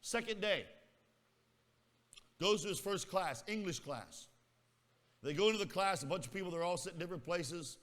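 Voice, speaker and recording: A man preaching a storytelling sermon with a bright, forceful voice pitched a little high. He speaks in a folksy way and teases his listeners. Long hall reverb trails his words. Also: sing-song, normal speed, pauses often. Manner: folksy, teasing the congregation. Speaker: pastor.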